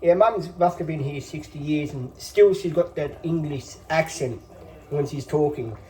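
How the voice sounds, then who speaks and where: A man's voice: on the high side, measured pace, darkish tone, recorded from a distance. A man in his fifties hosting a casual phone vlog, rambling on with lots of fillers in a reassuring tone. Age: 50s. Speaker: channel host.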